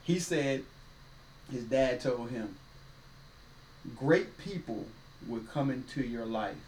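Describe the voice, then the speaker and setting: Slow yet animated, this mid-range, somewhat mellow male voice belongs to a co-host of a relaxed faith podcast who preaches in a folksy way and acts out quoted voices. The sound is roomy and distant, with faint ambience and slight background noise.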